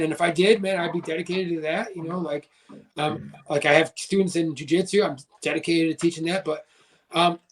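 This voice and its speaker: In his thirties and fairly high-voiced, this man is a podcast guest swapping casual stories. His tales wander and he leans on "like" constantly.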